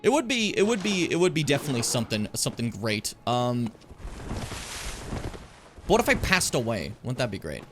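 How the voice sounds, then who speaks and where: A man's voice: medium pitch, very animated, normal speed, long pauses, over music. A young man hosting his own gaming stream from home, chatting casually with swearing and self-mocking asides. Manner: rambling, self-mocking, frequent swearing and fillers.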